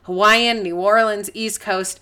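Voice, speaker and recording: A woman's voice: medium pitch, fairly even intonation, a little slow, sharp tone, clean tone. A woman with an American accent from Colorado, co-hosting a podcast in casual chat and laughing often. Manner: giggly, chatty, laughs often. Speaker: podcast co-host.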